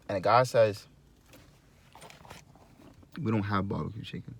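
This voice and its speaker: Low-voiced young man telling a food story. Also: unhurried, gravelly, pauses often, husky. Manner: animated, joking, acts out both sides of an argument. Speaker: vlogger. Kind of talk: casual food vlog storytelling. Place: fast food restaurant.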